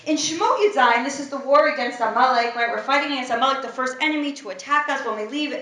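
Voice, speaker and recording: A woman teaching a text study class in an animated way, putting rhetorical questions to the class in a classroom. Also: high voice, quick pace. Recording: echoey room, voice from far off.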